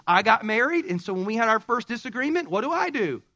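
A man preaching a sermon, joking and conversational, with sudden loud bursts. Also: extremely high pitch, sing-song, fast. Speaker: pastor.

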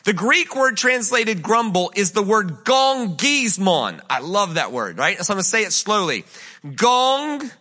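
Bright, high-voiced man preaching. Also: normal speed, hardly any pauses, slightly rough. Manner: energetic, conversational preaching with rhetorical questions. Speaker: guest speaker. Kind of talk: sermon. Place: church sanctuary.

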